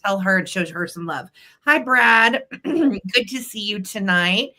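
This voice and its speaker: A woman's voice: mid-range voice, measured pace, bright, forceful tone. A middle-aged woman hosting a live vintage sale stream, bubbly and chatty, greeting viewers by name.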